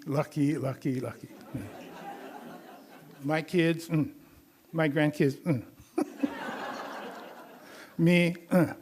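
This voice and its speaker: A man's voice: on the high side, a little mellow. An older man from Hawaii giving a casual, teasing health talk to a live audience, laughing often and acting out other people's voices. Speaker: community health lecturer.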